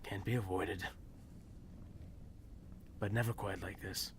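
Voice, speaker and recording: A man voicing a world-weary older human man who has served for decades, speaking slowly. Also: deep voice, steady tone, a little hiss or hum.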